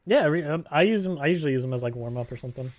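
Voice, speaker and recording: A man's voice: on the high side, animated, very fast, darkish tone. A man streaming a video game, chatting casually with a teammate, joking and swearing offhandedly. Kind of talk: casual gaming chat.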